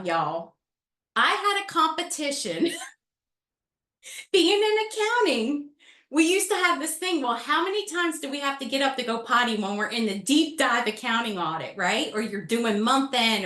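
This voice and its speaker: A middle-aged woman telling a personal story on a panel with animated, dramatic delivery. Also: fairly high pitch, roomy sound. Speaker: panel speaker. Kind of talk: storytelling talk.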